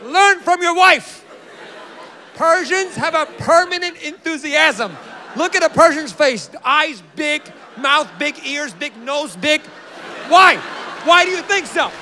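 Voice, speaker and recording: A man performs stand-up on a theater stage into a handheld mic, his voice pitched very high and bright. He is animated and incredulous, firing off punchy rhetorical questions. Faint audience laughter and light room noise sit behind him. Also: slow, a faint crowd. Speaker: stand-up comedian. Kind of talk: stand-up comedy set.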